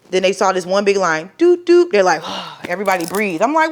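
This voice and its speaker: A young woman, telling a personal story to the camera in a profane, animated way and acting out the people in it. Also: medium pitch, brisk. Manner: profane, animated, dramatic re-enactments. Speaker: vlogger. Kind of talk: storytelling vlog.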